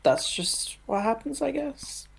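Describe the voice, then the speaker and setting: Slow, gravelly podcast co-host. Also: medium pitch, expressive. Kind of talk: casual movie review chat.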